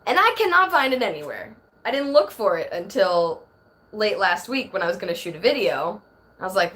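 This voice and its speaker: A chatty woman in her thirties hosts a live stream from her phone, rambling from one thought to the next and reading viewer comments aloud. Her voice sits a little high, and her talk runs loose and easygoing. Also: sing-song, a little fast, fairly bright tone. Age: 30s. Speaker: livestream host. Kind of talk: casual live-stream chat.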